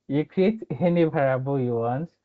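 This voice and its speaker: Coding instructor, live-stream lesson, slow unhurried delivery, chatty with frequent laughs, dull lo-fi sound. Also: mid-range voice. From Ghana. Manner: chatty, laughs often, reads out viewers' chat.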